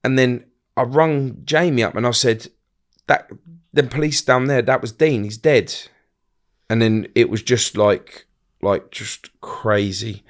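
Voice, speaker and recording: A middle-aged man tells a hard personal story in a blunt, halting way. He restarts his sentences often and acts out what others said. His voice sits at a middling pitch. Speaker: guest.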